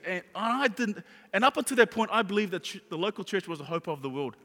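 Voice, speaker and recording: A man's voice: high-pitched, expressive, fast talker. A man preaching a sermon as a pastor, telling stories animatedly and repeating phrases for emphasis. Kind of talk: sermon with storytelling. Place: large church hall. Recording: reverberant church hall with live guitar. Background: soft guitar music.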